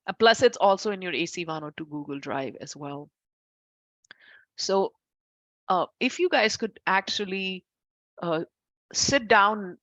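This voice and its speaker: Recorded dry with the highs cut off, this lowish-voiced woman is an Ayurveda instructor talking casually to her class. She often corrects herself partway through a sentence and makes warm asides to her students.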